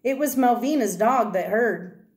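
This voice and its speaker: A woman voicing a calm, easygoing man who soothes a scared child in a relaxed, folksy drawl, in a storybook reading. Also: measured pace, natural voice. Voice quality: rumbly. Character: calm older man paddling a canoe, gently teasing. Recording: roomy echo.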